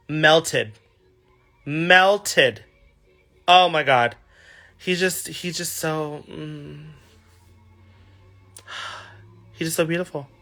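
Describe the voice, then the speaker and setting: Sassy, gushing livestream host, man in his thirties, very lively pitch. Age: 30s. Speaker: livestream host answering fan questions. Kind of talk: casual livestream chat.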